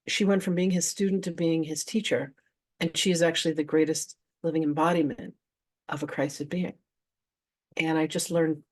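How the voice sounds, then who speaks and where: Low-voiced woman telling a spiritual story. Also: a little mellow. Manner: chatty, casual, acts out her own past reactions. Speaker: spiritual teacher and trance channel. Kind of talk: personal storytelling to a live audience.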